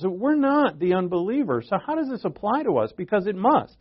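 Casting: male preacher, fifties, slightly high voice, chatty rhetorical delivery, muffled lo-fi sound. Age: 50s. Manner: conversational, rhetorical questions, frequent restarts. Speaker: pastor. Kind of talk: sermon, Bible teaching. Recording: dull lo-fi recording.

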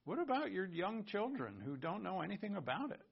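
Man, pastor, sermon, chatty and animated, gravelly, muffled recording. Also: sits high, a little fast. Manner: animated, conversational preaching with asides and laughs.

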